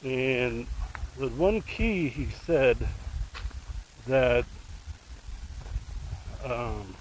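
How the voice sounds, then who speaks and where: In a low-quality recording with a little hiss or hum, a man tells the story of a true crime case in a casual, rambling way, deeply invested and making asides to the viewer. His mid-range voice is expressive and very slow.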